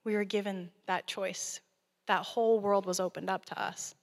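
A woman's voice: medium pitch, steady tone, normal speed. A woman preaching a guest sermon in an earnest, conversational way. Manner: earnest, conversational, laughing at times. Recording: long hall reverb.

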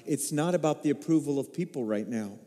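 High-voiced pastor preaching in a reverberant hall. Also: male voice, a little fast. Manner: emotive storytelling, rising to excited peaks. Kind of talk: sermon.

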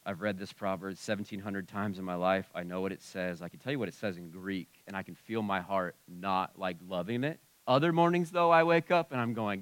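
A man's voice: deep voice, a little fast, hardly any pauses, dry recording. A pastor preaching a conversational sermon in a church, often dropping and raising his voice. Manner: conversational preaching with shifts in loudness. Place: church sanctuary.

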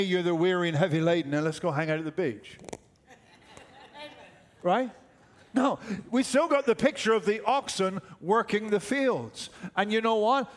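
An older man preaching a sermon, emphatic and repeating his key phrases. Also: sits high. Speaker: pastor.

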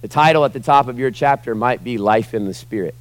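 A man in his forties preaching a sermon as pastor, animated, acting out groans and questioning the congregation. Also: medium pitch, brisk. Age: 40s.

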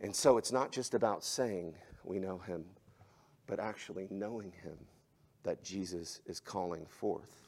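A male pastor preaching a sermon, swinging between loud, emphatic exhortation and hushed, soft passages. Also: sits low, unhurried, gravelly.

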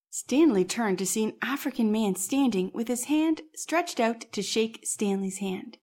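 A woman with a slightly high voice hosts a history podcast. She narrates from a script in a measured, explanatory tone. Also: lively intonation, a little mellow. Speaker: podcast host.

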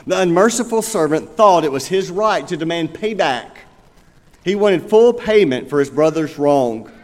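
A man's voice: on the high side, lively intonation, normal speed, a little mellow. A man preaching a sermon as pastor in a church, earnest and asking his listeners rhetorical questions. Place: church sanctuary. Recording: long reverb of a large hall.

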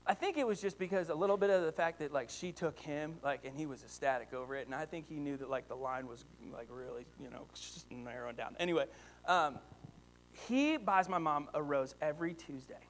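A man in his thirties preaching a sermon, telling animated personal stories about his father and rising to excited outbursts. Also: on the high side, a little fast. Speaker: pastor.

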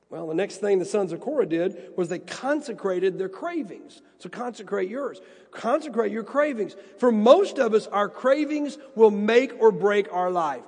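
A man's voice: high-pitched, expressive, moderate pace, a little mellow, husky, long reverb tail. A man preaching a sermon and telling personal stories, earnest and prone to repeating words. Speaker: pastor.

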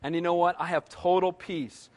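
A man's voice: high-pitched, fairly even intonation, normal speed. A man in his sixties preaching a sermon emphatically, often asking the congregation "Amen?". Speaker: pastor. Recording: long reverb of a large hall.

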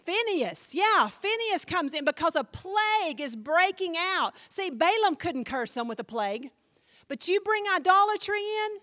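A woman pastor preaching a sermon in an animated, emphatic way, speaking directly to her congregation. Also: very high voice, a little slow.

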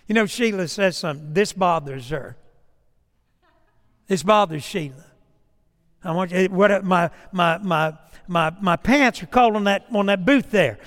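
A man preaching a sermon as pastor, with a slow, emphatic cadence that drops to a soft storytelling voice. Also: high voice. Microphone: lapel or stage mic. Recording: long reverb in a church hall, crackling mic.

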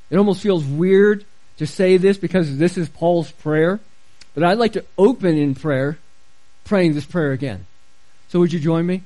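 A man's voice: high-pitched, a little slow, dark tone, rough recording. A middle-aged man preaching a sermon in a church as pastor, earnest and emphatic, asking the congregation questions.

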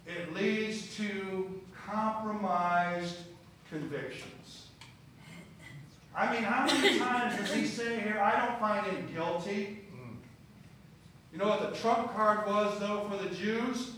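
Male preacher, slow unhurried delivery, slightly high voice, booming echo, heard from a distance. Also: sharp tone. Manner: conversational, asks the congregation questions. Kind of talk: sermon with scripture reading. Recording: very echoey, distant, faint room noise.

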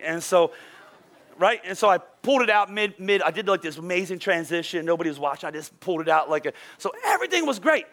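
A man preaching as a pastor, telling a funny personal story in a lively, self-deprecating way before giving sermon points. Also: fairly high pitch, fast talker. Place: church auditorium.

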